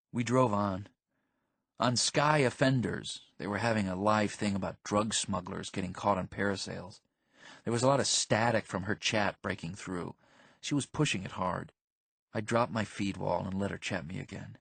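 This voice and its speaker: A man narrating an audiobook in the first person, with casual teen slang and a flat, deadpan delivery. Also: fairly low pitch, moderate pace, creaky, husky, dry recording.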